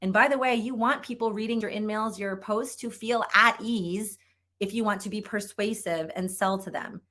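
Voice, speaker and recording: A woman's voice: mid-range voice, fairly even intonation, moderate pace, a bit bright. A middle-aged woman delivers a conference keynote as a sales trainer. Her delivery is upbeat and emphatic, and she drives points home by repeating them.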